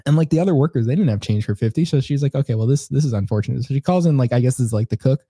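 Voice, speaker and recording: A young man rambles through a story on a casual comedy podcast, full of fillers and restarts. His voice has a mellow, darker tone at middle pitch. The recording is dry and close. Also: lively intonation, racing, breathy edge, no room sound. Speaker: podcast co-host.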